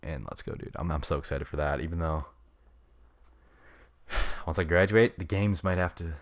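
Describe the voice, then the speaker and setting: Low-voiced young man, rambling podcast chat. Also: normal speed, no echo. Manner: rambling, laid-back slang. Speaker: podcast host. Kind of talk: unscripted solo podcast chat. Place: home room. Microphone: studio mic with pop filter.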